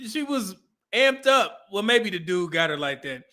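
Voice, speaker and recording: Bright high-voiced man reacting casually. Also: very animated, moderate pace. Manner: laughing, chatty, talks to the screen. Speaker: reaction streamer.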